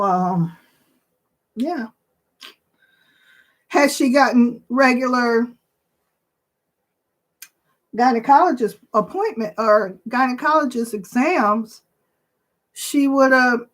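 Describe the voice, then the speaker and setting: A woman in her sixties hosting her own channel, chatting casually and emotionally to viewers with many pauses and fillers. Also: on the high side, a bit bright. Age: 60s. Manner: slow, emotional, tearful at times, with pauses and fillers. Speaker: channel host.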